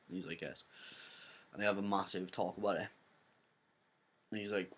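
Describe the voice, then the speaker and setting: A young Welsh man talking through a film's plot in a loose, rambling way, leaning on "like" and "basically". His voice sits a little low, and he speaks casually, straight to his viewers. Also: steady tone, moderate pace, pauses often, a bit bright. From Wales. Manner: rambling retelling full of "like" and "basically". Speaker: film reviewer. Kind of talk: casual spoiler review.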